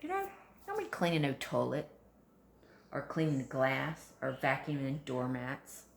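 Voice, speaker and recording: A woman's voice: rumbling low, sing-song, measured pace, vocal fry. A woman, chatting and joking to camera as a mom vlogger, full of sassy asides. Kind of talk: comedic casual chat to camera. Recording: roomy echo.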